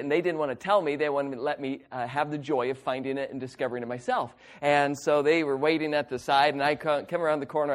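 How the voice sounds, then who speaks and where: Folksy preacher telling stories with a high voice. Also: male voice. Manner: folksy, self-mocking, acts out quoted voices. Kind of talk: sermon storytelling.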